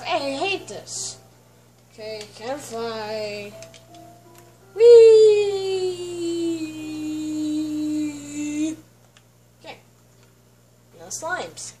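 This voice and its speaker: A woman with a high voice talks slowly through a casual gameplay tour, chatty and clearing her throat now and then. She sits some distance from the mic. Faint music plays underneath. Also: lively intonation, a bit bright. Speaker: let's play host.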